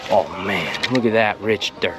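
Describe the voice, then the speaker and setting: A man hosting a comedic gardening tutorial outdoors in a folksy, drawling way, with deadpan innuendo. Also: on the low side, moderate pace, loud music behind the voice. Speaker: gardening show host.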